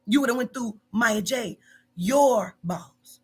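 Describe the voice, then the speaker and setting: A woman's voice: a little high, slow, breathy edge. A woman in her forties, a business owner, scolding bluntly and profanely in a heated phone argument. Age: 40s.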